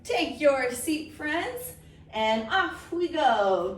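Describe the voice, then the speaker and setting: A woman teaching a yoga story lesson to children, playful and coaxing, making silly animal and train sounds between gentle instructions. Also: high voice, very animated, extremely slow. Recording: roomy, far from the mic, faint hiss.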